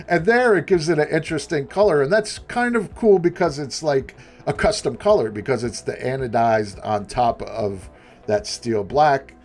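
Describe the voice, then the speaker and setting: A man at a middling pitch talking through a hobby build as voice-over. He rambles cheerfully, backtracks and restarts sentences, and pokes fun at himself. Faint music plays underneath. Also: lively intonation, unhurried. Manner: chatty, self-deprecating, rambling with restarts. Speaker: prop maker. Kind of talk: tutorial voice-over narration.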